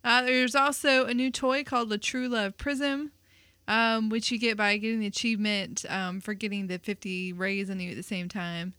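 Woman, podcast co-host, casual chat, steady delivery, bright tone, dry close sound. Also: mid-range voice, moderate pace, no echo.

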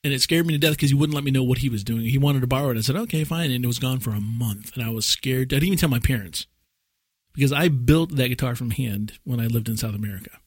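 A man with a slightly husky, mid-pitched voice chats casually on a podcast, rambling through stories and laughing often. He is recorded close and dry, with no room sound. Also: fast, no room sound. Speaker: podcast co-host. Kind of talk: casual chat.

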